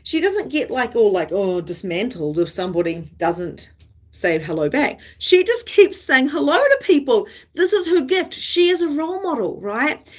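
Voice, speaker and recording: A woman's voice: sits high, big pitch swings, normal speed. A woman psychic medium hosting a live stream, chatting casually in a rambling, candid way and swearing freely.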